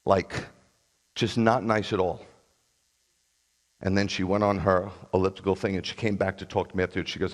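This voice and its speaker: A man's voice: sits low, a little fast. A man who is a rabbi, preaching a sermon in a blunt, combative way with sarcastic asides.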